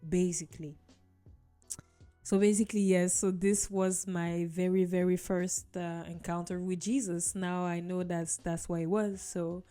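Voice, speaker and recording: A woman telling her personal faith testimony to viewers in an earnest, casual storytelling way. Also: medium pitch. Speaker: vlogger sharing her testimony. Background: soft background music.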